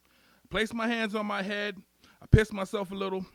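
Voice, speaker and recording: A young man telling a profane, wry first-person story in a deadpan way. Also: high-pitched, normal speed, dry recording. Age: young adult.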